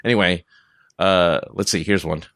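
A man's voice: deep voice, steady tone, normal speed, a bit bright, no room sound, studio quality. A man hosting a podcast in a casual, rambling monologue, going off on tangents and laughing often. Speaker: podcast host.

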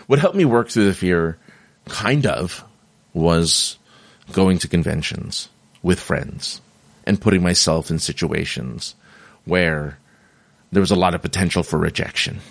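Man, middle-aged, very deep voice, dry close sound, rambling casual monologue, self-interrupting, hiccups. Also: expressive, unhurried, creaky, long pauses, no room sound. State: has the hiccups. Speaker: vlogger sharing personal stories.

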